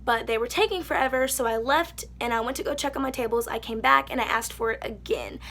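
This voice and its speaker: A young woman telling a storytime vlog into her phone indoors, sassy and animated, with mocking quoted voices. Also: on the high side, fast. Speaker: vlogger. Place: indoors by a wall.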